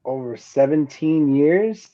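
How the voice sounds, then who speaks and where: A man's voice: a little high, expressive, slow pace, lo-fi sound, crowd noise. A man who joins a podcast as a guest, chatting in a friendly, easygoing way. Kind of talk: casual chat.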